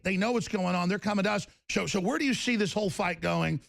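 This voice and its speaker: A man's voice: high-pitched, quick pace, gravelly, few pauses, a bit bright, no echo. A middle-aged man hosting a radio talk show, ranting heatedly about politics and mocking others in quoted voices.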